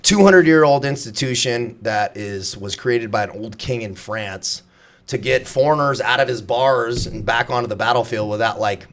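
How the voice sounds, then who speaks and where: Podcast guest, man in his thirties, mid-pitched, profane and animated, laughs a lot. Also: moderate pace. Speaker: podcast guest, former Navy SEAL. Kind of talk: casual podcast conversation.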